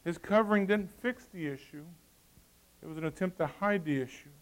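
A middle-aged man preaching a sermon, swinging between loud emphasis and quiet asides. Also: a little high, brisk, low-quality recording.

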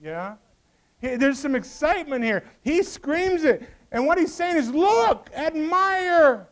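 High-voiced preacher shouting "behold". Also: male voice, sing-song, unhurried, low-quality recording. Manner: dramatic emphatic preaching with shouted exclamations; soft low murmured prayer. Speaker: pastor. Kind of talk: sermon.

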